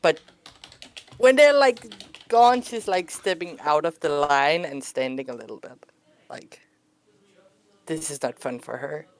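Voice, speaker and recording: A woman's voice: sits low, animated, measured pace, pauses often, dry recording. A woman describing her character in a tabletop game, rambling with many "like"s. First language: Danish. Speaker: player.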